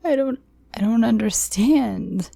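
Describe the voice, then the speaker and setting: A woman voicing a terrified young woman who pleads through sobs in a high, breaking voice. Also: takes it slowly, creaky, a bit bright, no room sound, exaggerated voice. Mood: pleading, sobbing.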